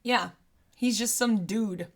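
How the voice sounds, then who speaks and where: A woman co-hosting a podcast, chatting casually about a movie with quick asides and frequent laughs. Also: on the high side. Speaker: podcast co-host.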